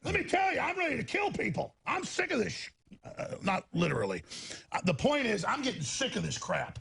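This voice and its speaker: A man ranting in a heated talk, angry and often shouting, with a raspy voice. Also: extremely high pitch, wildly swooping pitch, brisk. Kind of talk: heated talk-show rant.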